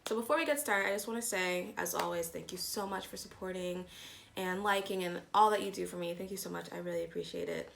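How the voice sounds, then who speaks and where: A young female beauty vlogger talks through her morning makeup routine in a casual get-ready-with-me chat, still groggy from waking up. Her voice is lowish, quick, and marked by vocal fry, and she comes across as chatty, rambling, and relaxed. There's slight background noise.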